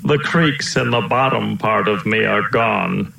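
A man voicing a gentle, kindly old male elephant who tells slow stories, in a roomy-sounding recording. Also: on the low side, creaky, slight background noise, full character voice. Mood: weary. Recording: roomy echo.

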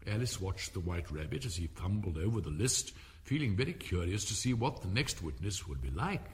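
A man reading a storybook aloud as narrator, telling it in an expressive, animated way. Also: deep voice, a little fast.

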